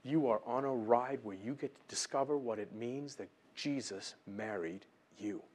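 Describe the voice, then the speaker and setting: A man preaching a sermon, animated and acting out voices in his Bible stories. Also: medium pitch, moderate pace.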